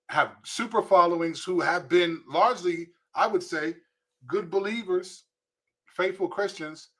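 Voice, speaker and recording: A man's voice: a little high, a bit bright. A man who is a pastor, preaching emphatically to camera and repeating words as he presses his points.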